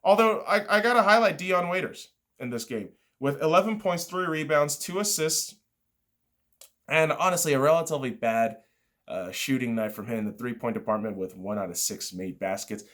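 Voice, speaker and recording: Profane, excitable man reviewing a basketball game. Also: medium pitch, moderate pace. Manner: profane and excitable, rattling off stats.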